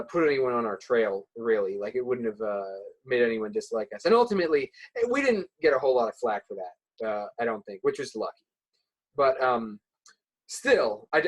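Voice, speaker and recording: A man's voice: medium pitch, low-quality recording. A man speaking as a guest on a casual podcast, hesitant, full of "like" and "uh", often restarting his sentences. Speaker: podcast guest, subreddit moderator.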